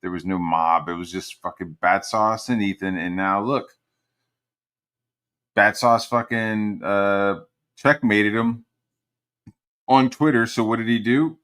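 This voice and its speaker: A man's voice: lowish voice, a little slow, a bit bright. A man hosting a livestream, ranting in a casual, meandering and profane way, full of sarcasm. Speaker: livestream host.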